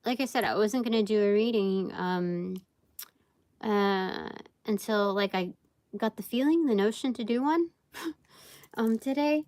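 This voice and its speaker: A woman's voice: medium pitch, unhurried, a little mellow. A woman giving a casual live tarot reading, rambling and thinking aloud with many fillers. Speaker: tarot reader.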